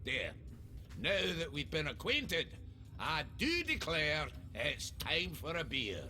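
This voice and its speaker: An actor playing a proud, jovial, boastful dwarf lord in a video game, speaking with a Scottish accent in a gravelly voice. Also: male voice, a little high, wildly swooping pitch, slow, pushed and bright, faint music behind, heavily acted. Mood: hearty.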